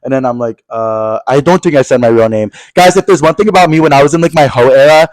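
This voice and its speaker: A man's voice: medium pitch, quick pace, no room sound, rough recording. A young man telling a long story on a podcast, gossipy and profane, jumping in and out of quoted voices. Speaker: podcast co-host. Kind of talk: casual storytelling chat. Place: podcast studio.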